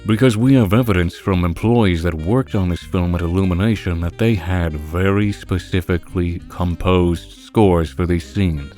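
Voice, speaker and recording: A man's voice: deep voice, a little mellow. A man delivering an impassioned, opinionated critique of a film, earnest and ranting. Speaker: video reviewer.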